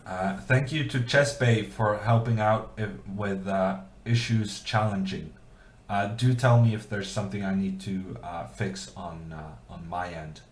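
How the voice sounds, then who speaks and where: Male streamer, lowish voice, echoey room, chatty and self-mocking. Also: fairly even intonation, a little slow. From Norway. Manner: self-deprecating, thinking aloud with fillers. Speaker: chess streamer. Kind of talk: casual live-stream commentary.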